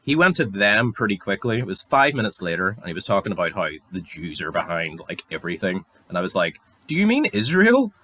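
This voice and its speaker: A man's voice: sits low, quick pace, few pauses. Angry, sweary Northern Irish man. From Northern Ireland. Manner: angry, sweary, sarcastic, rising to near shouts. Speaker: podcast host. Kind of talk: solo rant.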